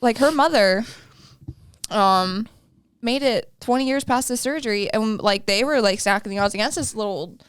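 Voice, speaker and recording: A woman's voice: on the high side, moderate pace, smooth, no echo. A woman around thirty co-hosting a podcast, telling stories in a chatty way and acting out the dialogue. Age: about 30. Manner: chatty, laughing, acts out dialogue. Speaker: podcast co-host. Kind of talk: casual storytelling chat.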